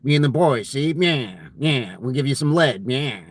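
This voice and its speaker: A man's voice: mid-range voice, expressive, moderate pace, no room sound. A man putting on the voice of an old-timey 1930s movie gangster who talks in clipped phrases and keeps adding "see?". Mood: menacing. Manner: clipped gangster patter ending lines with "see?". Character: tough-talking 1930s male movie gangster.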